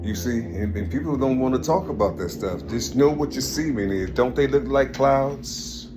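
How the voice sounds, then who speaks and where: A man's voice: mid-range voice, animated, normal speed. A man giving a rambling, preachy spiritual monologue in his home kitchen, repeating himself and growing fervent. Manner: repetitive, preachy, keeps saying "you see"; grows louder and more fervent. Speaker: vlogger. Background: loud music.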